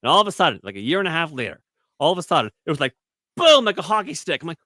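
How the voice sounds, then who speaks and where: A man chatting casually as a guest on a live stream about making online content. He rambles, restarts often, and acts out other voices with sudden high jumps in pitch. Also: very animated, racing, bright, forceful tone, no room sound.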